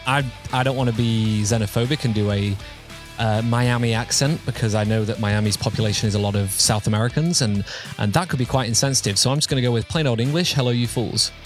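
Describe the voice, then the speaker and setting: A man's voice: medium pitch, brisk, music in the background. A man hosting a casual podcast, chatty and self-mocking, often laughing. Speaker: podcast host.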